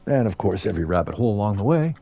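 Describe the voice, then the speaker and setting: A man's voice: lowish voice, big pitch swings, rapid-fire, vocal fry, mellow, a little hiss or hum. A middle-aged man from the United States giving rambling, casual commentary as he streams a game and chats to viewers. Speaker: gaming streamer.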